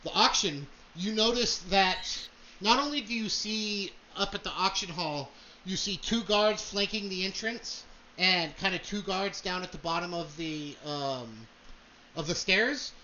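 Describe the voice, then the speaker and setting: A man's voice: high-pitched, a little slow, bright, forceful tone, dull audio, a little hiss or hum. A young man narrating as game master, rambling with many fillers.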